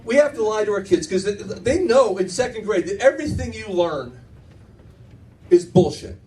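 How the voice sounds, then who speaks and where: A middle-aged man performs stand-up in a club, telling animated stories that often restart while the audience laughs in the background. His voice sits high at a moderate pace, captured on a distant mic in low quality.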